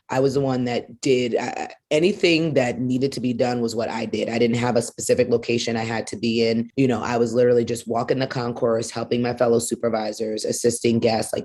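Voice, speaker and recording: A woman who is an arena executive appears as a guest on a podcast, telling a story in a casual, animated way and acting out the dialogue she quotes. Her voice has a low rumble.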